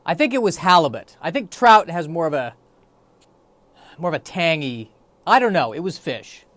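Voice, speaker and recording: A man's voice: on the high side, lively intonation, normal speed, fairly bright tone, no echo. A man hosting a solo podcast, rambling in a wry, self-deprecating way. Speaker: podcast host. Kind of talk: solo comedic podcast monologue.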